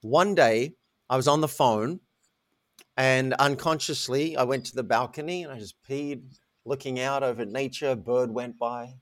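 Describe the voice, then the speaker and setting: A man telling a candid, self-mocking story as a guest in a podcast interview, with lively animated delivery. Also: mid-range voice, normal speed, no echo. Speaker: guest, coach.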